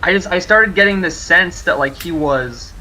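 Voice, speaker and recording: A man with a bright, slightly raised voice chats as a player at a tabletop game. He rambles, circling back and repeating himself as he talks. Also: sits high, moderate pace, slight background noise, rough recording. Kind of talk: casual chat at a tabletop game.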